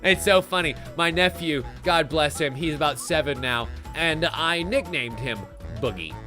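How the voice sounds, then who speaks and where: A man's voice: fairly high pitch, a little slow, music in the background. A man streaming a party game live, chatting playfully and sarcastically with his audience. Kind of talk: casual live-stream commentary.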